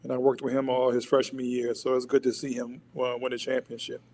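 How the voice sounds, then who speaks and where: A man's voice: medium pitch, monotone, fairly quick, darkish tone. Easygoing man, basketball coach guest. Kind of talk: casual chat.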